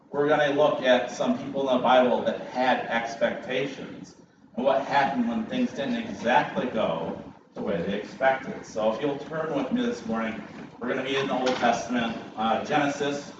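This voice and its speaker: A man preaching at middle pitch, telling a lively, self-mocking story to a congregation. He sounds set back from the microphone, and his voice rings through a large, echoey church hall. The sound is slightly muffled, with a clear layer of room ambience underneath. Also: normal speed, far from the mic, noisy background. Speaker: guest preacher. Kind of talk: sermon opening with a personal story. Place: church sanctuary.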